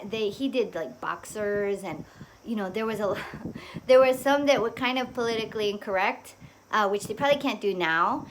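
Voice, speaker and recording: A woman's voice: medium pitch, slight background noise. A middle-aged woman, telling casual, rambling stories to her viewers. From Hawaii. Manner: rambling, with many fillers and frequent laughs. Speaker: vlogger. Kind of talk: casual storytelling monologue.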